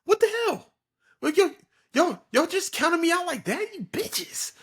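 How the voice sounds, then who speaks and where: A man voicing a brash, foul-mouthed male soul living in a stuffed teddy bear, yelling indignantly and cursing. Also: very high-pitched, big pitch swings, measured pace, pitched above the performer's own voice, full character voice.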